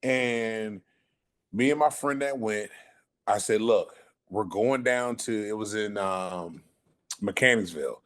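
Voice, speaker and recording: A man telling a story casually on a podcast, animated and profane, acting out the people he quotes. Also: fairly low pitch, slow pace. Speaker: podcast guest.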